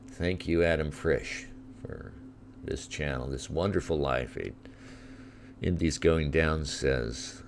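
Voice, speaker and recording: A man's voice: rumbling low, slow pace, a little hiss or hum. A middle-aged man from Southern California hosting a livestream, giving sardonic, crude commentary over live feeds. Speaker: livestream host.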